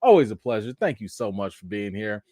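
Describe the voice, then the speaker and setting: A man hosting a live stream with three young daughters, talking in a relaxed, chatty way and greeting viewers one by one, in a casual voice. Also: fairly low pitch, brisk, no echo. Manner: laid-back, chatty, greets viewers by name.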